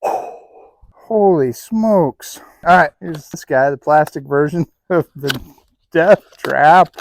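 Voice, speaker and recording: A man casually demonstrating gear in a barn for a vlog, playful and quick to chuckle, sometimes squeaking like a rat. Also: fairly even intonation, creaky, dry recording. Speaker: YouTuber testing rat traps. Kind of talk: casual hands-on demo vlog.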